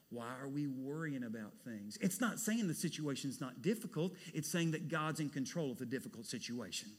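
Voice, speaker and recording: Animated preacher in echoing hall. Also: male voice, fairly high pitch, husky. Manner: animated preacher, swings from hushed to loud. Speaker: pastor. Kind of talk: sermon. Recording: long hall reverb.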